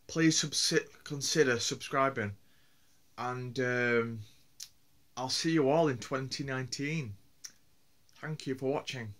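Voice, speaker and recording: A Yorkshireman with a Yorkshire accent rambles through a casual solo vlog, hesitant and full of fillers and restarts. His voice is medium-pitched and a bit bright, and he talks slowly with frequent pauses.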